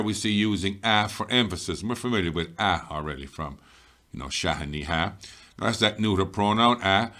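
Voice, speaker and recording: A man teaching an Irish grammar lesson, explaining patiently and reading example sentences slowly. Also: lowish voice, a bit bright.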